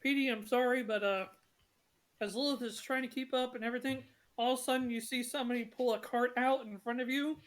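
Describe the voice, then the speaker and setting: A woman's voice: on the high side, steady tone, quick pace. A woman narrating a tabletop game session as game master, chatty and apologetic with many fillers.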